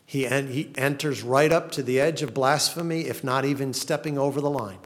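A man's voice: mid-range voice, fairly quick. A male pastor preaching a sermon in an earnest manner, reading laments with rising passion.

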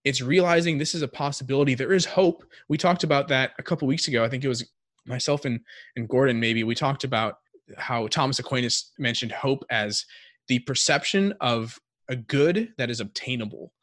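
A man talks through his thoughts on a podcast in a reflective, searching way, pausing on fillers as he works out each idea. His voice sits in an ordinary middle register. It is recorded close and dry, with no room sound. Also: mid-range voice, fairly bright tone, no room sound. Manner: reflective, thinks aloud with many "like" fillers. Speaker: podcast co-host. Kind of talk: casual faith discussion.

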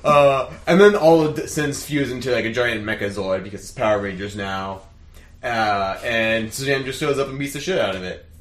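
A man co-hosting a casual talk show retells cartoon episodes with lively energy, breaking into laughter as he goes. His voice sits at a middle pitch. The recording carries a noticeable roomy echo. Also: moderate pace. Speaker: podcast co-host. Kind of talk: casual chat.

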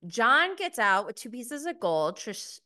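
Bright-voiced gossipy woman recapping. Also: on the high side, sing-song, a little slow. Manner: gossipy, laughs often, mocking quotes. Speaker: podcast host reviewing a reality show. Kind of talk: casual recap.

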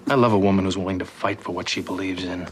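Man playing oily seducer, muddled put-on accent, very deep voice, TV drama. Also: fairly even intonation, fast, a little hiss or hum, close to an everyday voice. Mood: seductive. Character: smarmy flirtatious man, turned on by a fight.

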